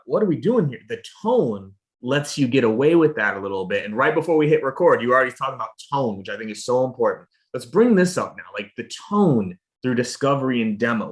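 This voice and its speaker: A man hosting a sales podcast who talks emphatically and speaks directly to the listeners. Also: mid-range voice. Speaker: podcast host. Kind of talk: conversational podcast interview.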